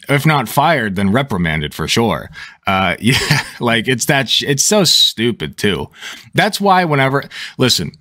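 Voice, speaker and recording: Animated, profane man riffing casually. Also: lowish voice, no echo, clean studio sound. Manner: animated, profane, laughs often. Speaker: commentator. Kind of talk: casual reaction commentary.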